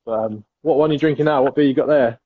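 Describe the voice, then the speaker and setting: A man's voice: mid-range voice, fast, breathy edge, no echo, phone-quality sound. A man from England co-hosting a live barbecue stream, matey and rambling as he chats about grilling and beer. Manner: matey, rambling, says "mate" a lot. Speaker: co-host of a live barbecue show. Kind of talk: casual live-stream chat.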